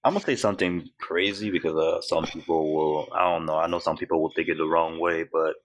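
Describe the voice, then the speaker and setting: Low-voiced laid-back man co-host. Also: fairly even intonation, fairly quick, no echo. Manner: laid-back street slang, laughs often. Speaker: podcast co-host. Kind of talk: casual chat.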